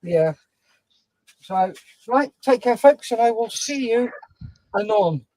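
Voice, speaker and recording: A man hosting a relaxed livestream, chatting and reading out viewers' names. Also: extremely high pitch, takes it slowly, dry recording. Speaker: livestream host. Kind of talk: casual chat on a modelling stream.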